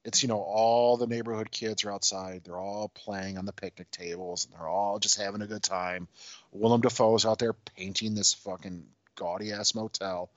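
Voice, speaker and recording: A man chatting casually about a film, relaxed and hedging with "you know" and "sort of", swearing now and then. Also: lowish voice, moderate pace, no room sound. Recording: dull, dry lo-fi mic.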